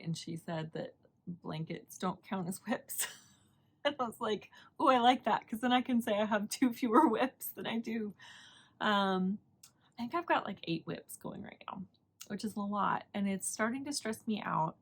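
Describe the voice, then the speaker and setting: A woman hosting a knitting podcast in casual chat, rambling and chatty and laughing often. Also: mid-range voice.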